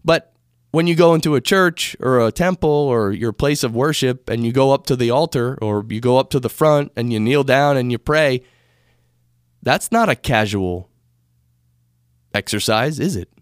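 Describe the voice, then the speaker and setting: A man's voice: medium pitch, normal speed, no room sound, clean studio sound. A man from America hosting a casual talk on spirituality, rambling and correcting himself as he goes, speaking into a microphone. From United States. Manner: rambling, conversational, self-correcting. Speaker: podcast host. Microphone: studio microphone.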